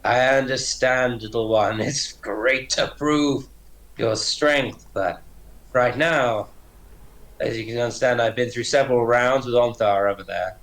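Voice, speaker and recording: A man's voice: mid-range voice, unhurried, fairly bright tone. A man voicing a towering, jovial female half-orc brawler with a hearty, friendly manner.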